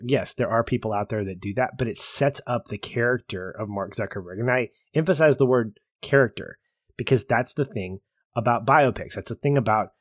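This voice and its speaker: A man's voice: fairly low pitch, no echo, clean studio sound. A man co-hosting a casual film podcast, explaining points with emphasis and enthusiasm. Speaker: podcast co-host.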